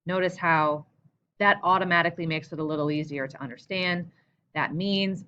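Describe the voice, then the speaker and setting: A woman's voice: lowish voice, a little fast, pushed and bright, muffled recording, a little hiss or hum. A woman English teacher giving a recorded lesson, explaining patiently and asking guiding questions.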